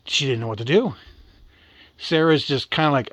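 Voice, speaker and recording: A man's voice: mid-range voice, brisk, dry recording. A man telling a story aloud in a casual, rambling, slangy way.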